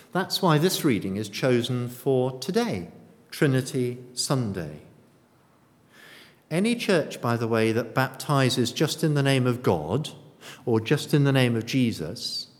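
A man preaching a sermon in a church. He asks lively rhetorical questions and adds touches of dry humour. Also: medium pitch. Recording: long reverb of a church.

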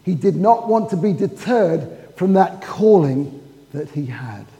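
A man's voice: high voice, expressive, measured pace, gravelly, warm tone. A man preaching a sermon in a church, telling the story and acting out the quoted dialogue. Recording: long hall reverb.

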